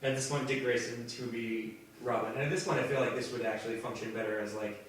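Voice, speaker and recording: A man's voice: medium pitch, fairly even intonation, fast, slight background noise. A young man co-hosting a casual podcast, telling a long story with frequent restarts and casual swearing. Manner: rambling storyteller, swears freely, many restarts. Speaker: podcast co-host. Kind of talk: casual chat. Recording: echoey room, distant from mic.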